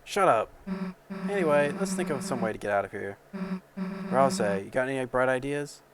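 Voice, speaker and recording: A man's voice: medium pitch, expressive, normal speed, noisy background, lightly acted. A man voicing a tough, brash young female monster who talks bluntly and swears. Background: game music.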